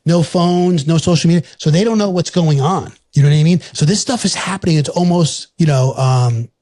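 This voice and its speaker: A man's voice: a little high, fairly quick, dark tone. A man, hosting a casual podcast chat, rambling with fillers and laughs. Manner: laid-back, rambling with frequent fillers and laughs. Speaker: podcast host.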